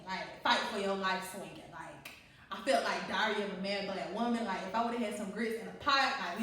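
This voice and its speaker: A young adult woman telling a personal story to listeners in a candid, animated way, often laughing and talking straight to them. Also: mid-range voice, far from the mic, background noise. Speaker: co-host. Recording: very echoey room, away from mic.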